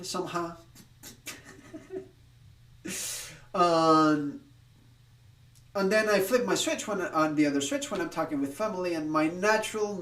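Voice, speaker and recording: A man's voice: a little high, a bit bright, echoey room, recorded from a distance, poor audio. A man from Spain chatting casually on a live stream, rambling with restarts, laughing and swearing now and then.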